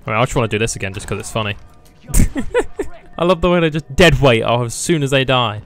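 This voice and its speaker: A man's voice: mid-range voice, animated, brisk, fairly bright tone. A man doing sarcastic comedic commentary while playing a video game, laughing often and mocking it. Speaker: gaming YouTuber. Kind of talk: comedic let's play commentary.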